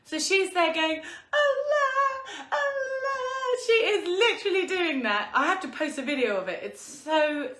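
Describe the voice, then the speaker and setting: A woman in her thirties hosts a cooking show at home, chatting in a high, bright voice. She talks at an unhurried pace and drops into soft murmurs now and then. Her voice rings with the echo of a home kitchen. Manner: chatty and warm, slips into soft singing and quiet murmurs. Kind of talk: casual chat while cooking.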